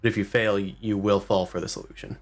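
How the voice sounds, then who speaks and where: A man's voice: lowish voice, level tone, fast talker, slight background noise. A man acting as game master, loosely describing scenes and making rules calls. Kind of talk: running a tabletop game.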